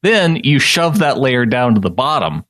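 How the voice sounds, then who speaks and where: A man's voice: medium pitch, big pitch swings, normal speed, fairly bright tone, no echo, clean studio sound. A man co-hosting a sports podcast in casual chat, joking and laughing often, acting out quoted lines. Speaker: podcast co-host.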